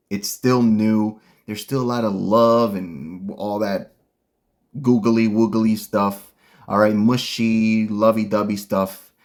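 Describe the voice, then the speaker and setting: A man hosting a casual commentary, ranting bluntly and heatedly with lots of slang. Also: fairly low pitch. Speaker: commentary host.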